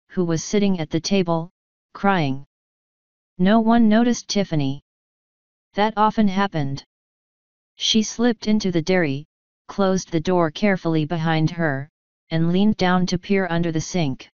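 A woman narrating an audiobook in a measured, precise way, close to the mic. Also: on the low side, darkish tone, clear, resonant tone, no echo, lo-fi sound. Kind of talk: scripted narration.

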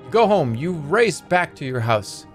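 A man's voice: on the high side, big pitch swings, measured pace, soft background music. Wry streamer man reading game text. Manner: wry, joking, swears freely.

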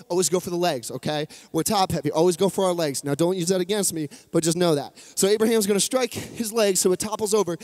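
Tall-guy preacher telling a story, joking around, pretty high voice, long echo. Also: darkish tone. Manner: humorous, chatty retelling with asides. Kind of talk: sermon storytelling. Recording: long hall reverb.

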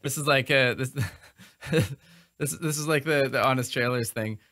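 A man's voice: mid-range voice, a little slow. A man hosting a livestream, chatting playfully and breaking into silly improvised singing. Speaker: livestream host. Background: loud music.

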